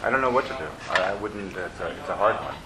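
Low-voiced man musing about films. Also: expressive, fast. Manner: musing, hesitant with fillers. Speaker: interviewer. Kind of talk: casual film talk. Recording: background noise with dish clatter.

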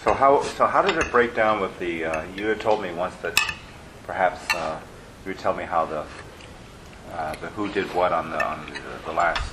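At a moderate pace and low pitch, a man leads a casual film conversation as the interviewer. His musing, hesitant delivery trails off with fillers, and background noise includes clattering dishes.

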